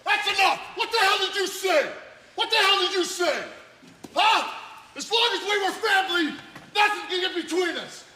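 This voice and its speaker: A wrestler yelling exasperated commands at his teammates. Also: very high-pitched, normal speed. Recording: echoey arena, distant mic.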